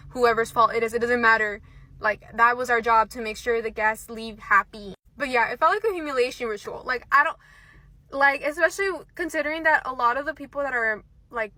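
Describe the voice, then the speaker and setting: A woman's voice: on the high side, sharp tone. A young woman venting about a job interview in a casual storytime manner, saying "like" constantly. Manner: frustrated, heavy use of "like".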